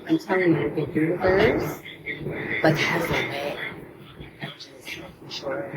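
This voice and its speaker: A young woman with a low, soft voice tells a personal story in a casual storytime vlog. She talks haltingly, often sinking to a near whisper. A steady noise runs under the recording. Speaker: vlogger.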